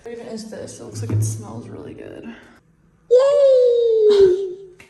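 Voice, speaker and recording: A young woman in her twenties chatting casually to camera in a vlog, self-mocking and often dropping into soft asides. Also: medium pitch, wildly swooping pitch, fast talker, vocal fry, loud music behind the voice. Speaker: vlogger. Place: on the move, home, train and hotel room.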